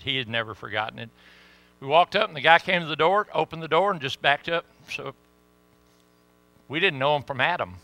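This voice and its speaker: A middle-aged man telling a story in a sermon, folksy and animated. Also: mid-range voice, no room sound. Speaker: pastor.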